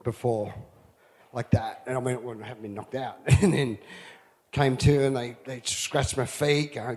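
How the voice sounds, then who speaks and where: A man's voice: medium pitch, normal speed, long reverb tail. A man telling a wild surf story in casual, profane talk, acting out what people said and laughing through it. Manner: profane, animated, laughing, acts out quotes.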